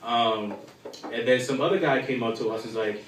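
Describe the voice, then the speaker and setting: A man's voice: medium pitch, a little fast, a little hiss or hum. Young man, stand-up comedy, crude and rambling, lots of ums, echoing room, distant mic. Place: live comedy show in a bar. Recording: echoey room from far off.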